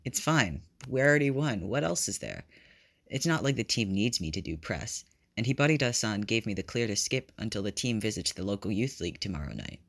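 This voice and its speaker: A man's voice: animated, fairly quick. A man reading fan fiction aloud, voicing a cheerful, teasing young volleyball player with a raised, bouncy voice. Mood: breezy. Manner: bright, bouncy, raised pitch.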